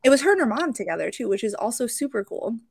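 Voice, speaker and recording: A young adult woman talks through a story from behind the vendor's table, animated and emotional, tripping over her words as she goes. Her voice sits a little high. The sound is dry, with no room echo. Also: quick pace, gravelly, husky. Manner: animated, emotional, with many fillers and restarts. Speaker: podcast host and card show vendor. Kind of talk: casual storytelling.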